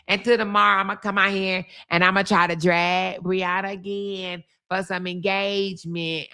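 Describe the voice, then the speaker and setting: A woman's voice: mid-range voice, sharp tone. A woman hosting a livestream in a casual commentary style, blunt, profane and mocking, often repeating words for emphasis.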